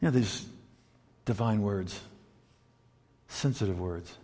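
A man preaching a sermon, telling a story and moving between loud emphatic points and hushed quiet passages. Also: on the low side, slow. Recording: long reverb of a large hall.

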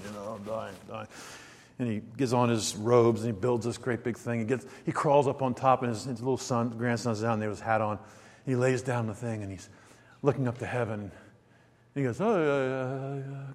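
A man preaching a storytelling sermon, dropping to hushed asides and then building to loud, emphatic lines. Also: fairly low pitch. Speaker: pastor. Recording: long reverb of a large hall.

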